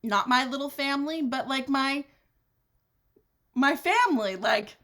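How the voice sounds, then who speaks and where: Sassy woman doing a solo podcast, swears a lot, kinda high voice, big dramatic pitch jumps. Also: measured pace, fairly bright tone. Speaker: podcast host. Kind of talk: candid solo podcast monologue.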